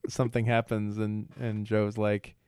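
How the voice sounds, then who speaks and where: A man's voice: lowish voice, flat delivery, unhurried, darkish tone, smooth, dry recording. A man co-hosting a podcast, chatting casually and joking, laughing easily and mimicking sounds. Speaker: podcast co-host. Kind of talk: casual chat.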